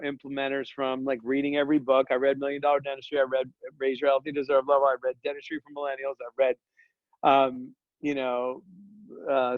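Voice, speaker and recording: A man talking as a podcast guest and dental business coach, energetic and joking, rambling with slang asides. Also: medium pitch, no room sound, narrow, tinny audio. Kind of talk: casual podcast conversation.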